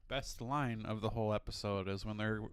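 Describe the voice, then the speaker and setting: A man co-hosting a podcast, chatting in a relaxed, offhand way and swearing often. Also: on the low side, a little fast, clean tone, no echo. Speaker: podcast co-host. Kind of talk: casual chat.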